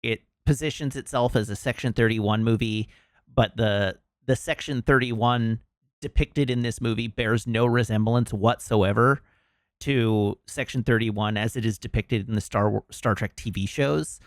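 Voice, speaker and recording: A man's voice: medium pitch, fairly even intonation, measured pace, dry recording, clean studio sound. A man streaming, chatting casually and rambling with many fillers as he makes emphatic complaints.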